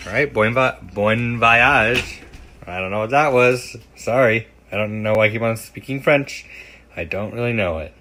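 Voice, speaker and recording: In a home kitchen, a young cooking show host talks a little fast while he works, full of fillers, asides, and jokes at his own expense. His voice is lowish and a bit bright, with a little hiss or hum in the background.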